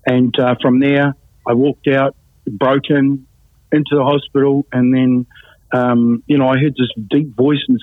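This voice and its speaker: A man's voice: mid-range voice, flat delivery, measured pace, dry recording. Male guest, blunt plain storyteller; thin phone-quality audio, no room sound. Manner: blunt, matter-of-fact storytelling. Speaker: interview guest. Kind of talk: personal testimony in an interview. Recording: tinny phone-like sound, dry.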